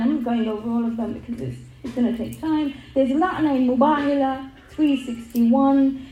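A woman's voice: high-pitched, warm tone, roomy sound, dull audio. A middle-aged woman giving an earnest religious talk, telling stories and repeating words for emphasis. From England. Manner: earnest storytelling with emphatic repetition. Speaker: religious speaker.

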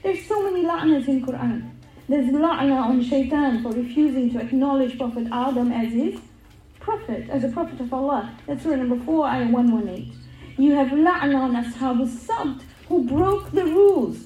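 A woman's voice: high voice, normal speed, warm tone. Earnest woman in a roomy hall. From England. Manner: earnest storytelling with emphatic repetition. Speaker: religious speaker. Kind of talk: religious talk to an audience.

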